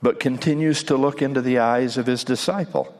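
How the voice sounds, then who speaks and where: A man giving a sermon in a measured way, with dramatic pauses, in a hall with a long echo. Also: mid-range voice, steady tone, a little mellow. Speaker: preacher.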